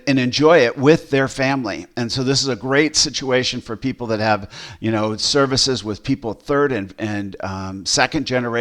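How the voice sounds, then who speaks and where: Casting: pastor, mid-pitched man, loose demo talk, lots of um and restarts. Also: a bit bright. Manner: rambling with fillers and restarts. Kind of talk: casual software demo.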